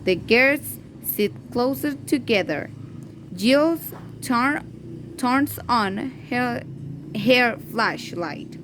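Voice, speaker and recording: A woman teacher reading a children's story aloud in a careful, halting way, repeating and correcting words as she goes. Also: fairly high pitch, very animated, background noise. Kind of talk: reading a story aloud slowly, then in Spanish.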